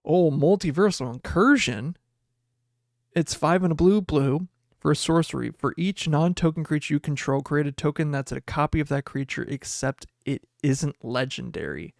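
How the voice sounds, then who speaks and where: A young man hosting a podcast, chatting casually and excitedly as he opens card packs and reads the cards aloud. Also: a little high, moderate pace, vocal fry, no echo, clean studio sound. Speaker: podcast host. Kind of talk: casual card pack opening chat.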